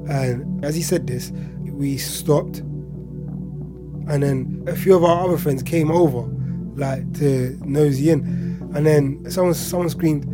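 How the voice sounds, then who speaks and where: A young man from East London with a local accent, quietly telling a personal story in a reflective way, often trailing off at the ends of his lines. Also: a little high, normal speed, over loud music. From Hackney, East London. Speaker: interviewee.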